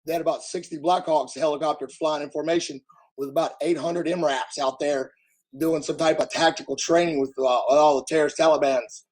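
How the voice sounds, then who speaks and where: A man from the United States ranting bluntly at his live chat, his voice hoarse and damaged after covid, talking loudly so he can be heard and swearing freely. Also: fairly high pitch, steady tone, brisk, poor audio. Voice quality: husky, strained. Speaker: livestreamer answering chat. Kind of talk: casual live-stream rant.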